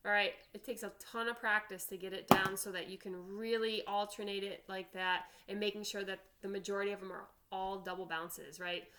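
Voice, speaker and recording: A woman's voice: medium pitch, little pitch movement, brisk, hardly any pauses, sharp tone, slight background noise. A woman band teacher giving an online drum lesson, counting aloud and checking in with "all right?".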